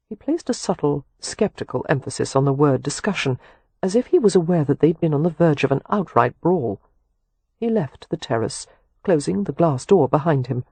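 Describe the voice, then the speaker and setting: A male audiobook narrator with a husky, somewhat high voice reads in a measured, even way. The recording is close and dry, with no room around him. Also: no room sound. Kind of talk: scripted narration.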